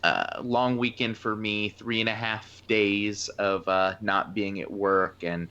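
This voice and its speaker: A man's voice: lowish voice, flat delivery, takes it slowly, bright, forceful tone, smooth, muffled recording. A man co-hosting a casual movie podcast, playful and jokey. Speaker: podcast co-host.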